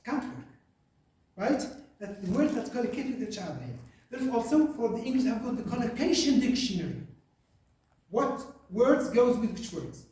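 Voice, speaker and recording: This Algerian man teaches an English lesson in a very high voice with lively intonation and a dark tone. He speaks haltingly, full of "uh"s, and keeps checking in with "right?". He's far from the mic in a very echoey room.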